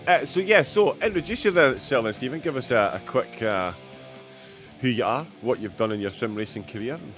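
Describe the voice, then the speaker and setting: A man's voice: mid-range voice, animated, normal speed, a bit bright. Guy doing live sim race commentary, chatty and jokey, guitar music playing behind. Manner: chatty, jokey, banter-filled.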